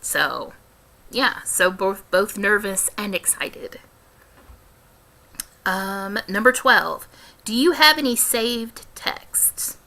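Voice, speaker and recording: Woman, young adult, light Midwestern accent, casual vlog, slow unhurried delivery, careful diction, frequent restarts. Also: mid-range voice, pushed and bright. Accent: light American Midwestern. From American Midwest. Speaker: vlogger. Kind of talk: casual question-and-answer vlog.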